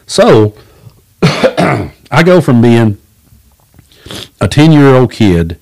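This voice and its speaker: This podcast host hails from Southeast Kentucky and has a lowish voice. He spins casual, folksy stories in a blunt, plainspoken style, swears without a second thought, and imitates the people he quotes.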